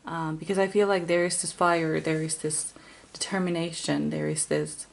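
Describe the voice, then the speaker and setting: Woman tarot reader, lowish creaky voice, gentle, hesitant delivery. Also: flat delivery, normal speed. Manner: gentle, musing, many fillers and restarts. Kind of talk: intuitive tarot reading to camera.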